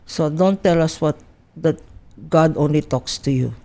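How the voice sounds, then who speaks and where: Older Filipino woman lawyer, emphatic and mellow. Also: deep voice, a little slow. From Philippines. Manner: emphatic, mixes English with Filipino. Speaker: lawyer guest. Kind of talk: animated interview talk.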